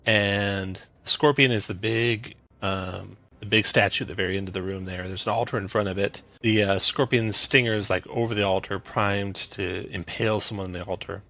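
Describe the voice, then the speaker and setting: Guy running a tabletop game, gravelly bright voice, lots of ums. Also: on the low side, fairly even intonation. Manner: brisk narration with frequent "um" and "uh". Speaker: game master.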